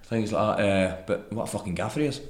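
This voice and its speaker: A man's voice: lowish voice, fast, roomy sound. A man with a Scottish accent, a former footballer telling laughing, sweary stories in a casual football chat.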